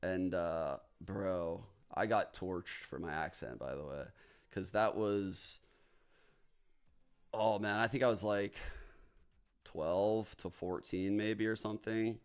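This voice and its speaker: Man, streamer, very low voice, smooth and resonant, casual profane chatter. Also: slow pace. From New Orleans, United States. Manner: profane, joking, reacting out loud. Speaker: streamer hosting a watch party. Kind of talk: casual livestream chat.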